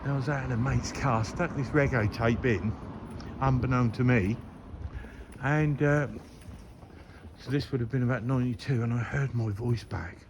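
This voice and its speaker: A man's voice: medium pitch, moderate pace. A man in his fifties with a Norfolk accent, mumbling and rambling as he reminisces while walking outdoors. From Norwich, England. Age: 50s. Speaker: vlogger. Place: outdoors, walking by a river and streets. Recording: outdoor phone recording with background noise.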